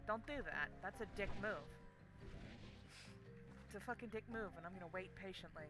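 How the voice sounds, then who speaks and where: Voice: medium pitch, normal speed, music in the background, rough recording. A young adult game streamer telling a story casually while playing, swearing constantly in an exasperated rant.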